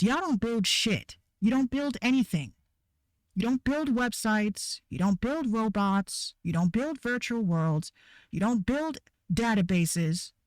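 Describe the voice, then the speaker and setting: A woman's voice: on the high side, no room sound, clean studio sound. A woman ranting bluntly and heatedly to her viewers, swearing a lot and repeating herself for emphasis. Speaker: online creator ranting to viewers. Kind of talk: profane rant to camera.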